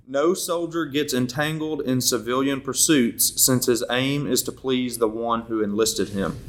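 A young man leading a Bible study in a relaxed, rambling way, often stopping to correct himself. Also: mid-range voice. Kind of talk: casual Bible teaching.

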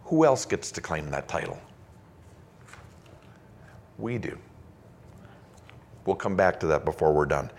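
A man's voice: very deep voice, sing-song, unhurried, pauses often, a little hiss or hum. A male pastor preaching a sermon, reading scripture aloud in an emphatic, conversational way.

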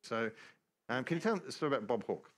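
A man's voice: medium pitch, lively intonation, fast talker. A man acting as pastor, prompting and correcting the storyteller in a church service. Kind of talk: casual interjections in a church service.

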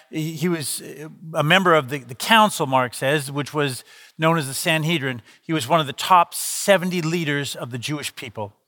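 A male pastor preaching with a high, bright voice and lively storytelling. His words ring out with a long reverb, as if in a large church hall. He is middle-aged and talks to the congregation in a casual, conversational way. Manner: conversational, animated storytelling with quoted dialogue. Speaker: lead pastor. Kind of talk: sermon with storytelling.

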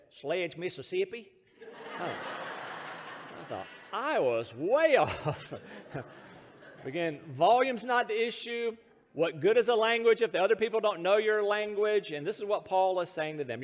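An American pastor preaches with a high, light voice that carries a long reverb through a church sanctuary. He tells stories with self-deprecating humor and chuckles between points. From United States. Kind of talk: sermon.

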